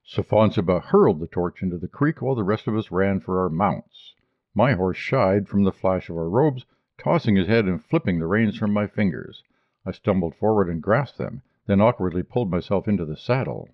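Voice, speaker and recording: A man reading a short story aloud as an audiobook narrator, in a measured, even delivery. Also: sits low, no echo, highs cut off. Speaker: audiobook reader.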